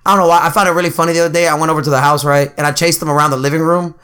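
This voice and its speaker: A young man with a high, bright voice tells rambling stories on a casual podcast. He laughs often and swears freely. He slips into voices to act out what others said. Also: fairly even intonation, very fast, clean tone. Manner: laughing storyteller, swearing, doing high-pitched voices of his brother. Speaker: podcast co-host.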